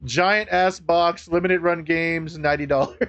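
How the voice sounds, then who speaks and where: A man streaming live, chatting casually to viewers, laughing often, swearing and getting excitable. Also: on the high side, a little slow, lo-fi sound.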